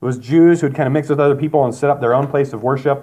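A pastor with a high-leaning, darkish voice preaches briskly, barely pausing, in a conversational manner. He asks the congregation questions and acts out the voices of those he quotes.

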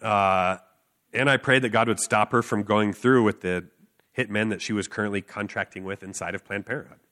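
Earnest man preaching, bright edgy voice sitting a little low, emphatic with loose fillers. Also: fairly even intonation, a little fast. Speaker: street preacher. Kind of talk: sermon with personal story.

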